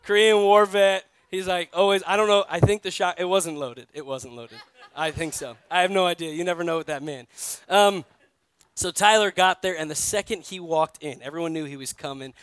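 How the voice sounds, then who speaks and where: A man's voice: high voice, brisk, fairly bright tone, clear, resonant tone, no echo. A man from New York, a pastor giving a sermon in a conversational storytelling way, often asking his listeners directly.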